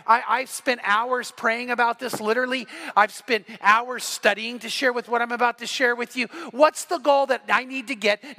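A male pastor delivers a sermon in a high, bright voice that carries over the room. He tells a story with plenty of animation and jumps into the voices of the people in it. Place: church sanctuary.

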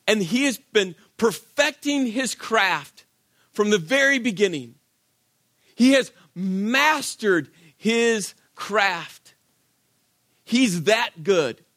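Male pastor, high voice, conversational emphatic sermon delivery, dry close sound. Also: fairly bright tone, no room sound. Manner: conversational and emphatic, with rhetorical questions.

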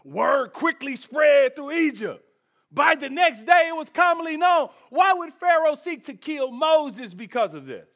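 A male pastor with a high, bright, ringing voice, preaching a lively sermon. He builds to shouted peaks, then drops into soft, joking asides to the congregation. The whole thing sounds like a live church service. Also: unhurried. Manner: humorous, conversational asides to the congregation.

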